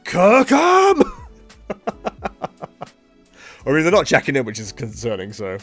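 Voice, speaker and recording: Chatty, lively-voiced male streamer. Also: on the low side, quick pace, soft background music. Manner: chatty, rambling, self-mocking. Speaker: streamer playing a card game. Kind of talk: casual live-stream commentary. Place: at home.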